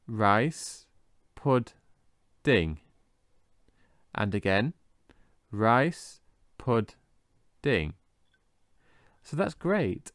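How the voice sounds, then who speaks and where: A man teaching English vocabulary in a scripted lesson, slowly and carefully modelling how each word is pronounced. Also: mid-range voice, no room sound, studio quality. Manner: slow, careful modelling of pronunciation.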